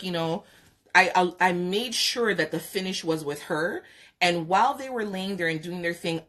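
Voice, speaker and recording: A woman podcast host telling a candid personal story, frank and chatty, laughing often and pausing to talk to viewers. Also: lowish voice, a bit bright. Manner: frank, laughing, drawn-out pauses. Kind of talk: candid storytelling on a live stream.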